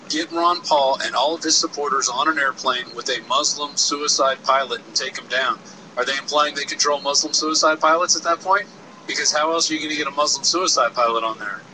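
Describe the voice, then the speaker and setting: A man co-hosting outdoors, explaining in a measured way. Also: a little high. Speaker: co-host. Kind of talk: casual commentary. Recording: loud street noise.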